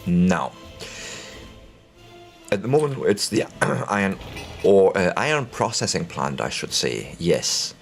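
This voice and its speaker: A man with a fairly low voice talks through a live game stream from home. He rambles cheerfully and makes wry, self-mocking jokes, with soft background music playing faintly. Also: very animated, slow, creaky, long pauses. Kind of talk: casual live gameplay commentary.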